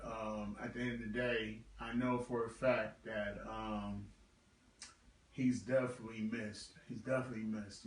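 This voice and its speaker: A man in his thirties talking casually on a livestream tribute to his late brother, halting and heartfelt, with many fillers. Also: fairly low pitch, echoey room, far from the mic, poor audio. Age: 30s. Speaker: livestream host.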